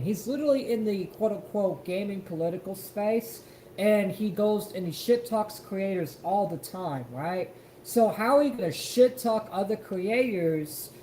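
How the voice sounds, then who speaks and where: A man's voice: sits high, mellow, slight background noise. Profane ranting man in a roomy echo. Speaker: podcast host. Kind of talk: heated reaction commentary. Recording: roomy echo with faint ambience.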